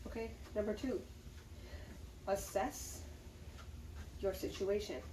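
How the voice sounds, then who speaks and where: A woman's voice: mid-range voice, fairly even intonation, slow pace, warm tone, a little hiss or hum. A woman talking candidly to the camera in a casual vlog, chatty and upbeat about a hard time. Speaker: vlogger. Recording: echoey room from some distance, faint ambience.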